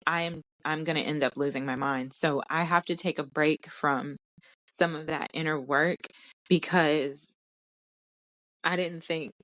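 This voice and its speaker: A woman's voice: low voice, steady tone, a little slow, a bit bright. A young woman in a candid personal vlog, talking casually with slang, emotional and tearful with a stuffy nose. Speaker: vlogger.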